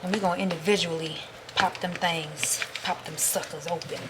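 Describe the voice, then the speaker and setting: A woman's voice: on the low side, steady tone, moderate pace, heavy background noise. A pregnant woman vlogging as she cooks in her kitchen, chatting casually and calling her viewers "girl" and "y'all.". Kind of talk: casual chat while cooking. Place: home kitchen.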